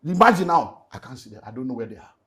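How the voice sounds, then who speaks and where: Nigerian pastor telling a painful story. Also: male voice, mid-range voice, big pitch swings, fast. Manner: emotional, rising to loud emphatic bursts. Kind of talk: candid personal testimony in conversation.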